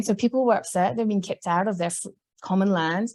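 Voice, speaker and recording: A woman giving a conference talk, chatty and animated, laughing often. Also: mid-range voice, brisk. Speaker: conference presenter.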